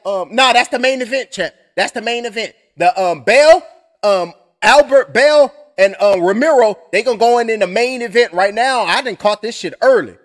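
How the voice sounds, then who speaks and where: A man doing loose, profane, clowning commentary while waiting for a fight. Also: very high-pitched. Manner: loud, joking and profane, keeps clowning. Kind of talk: casual live-stream commentary.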